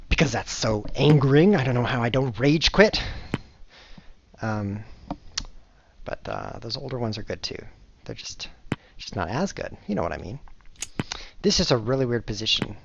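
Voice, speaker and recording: A man's voice: mid-range voice, fairly bright tone. Male chess streamer, rambling casual live commentary, self-mocking, dull lo-fi recording with faint hiss.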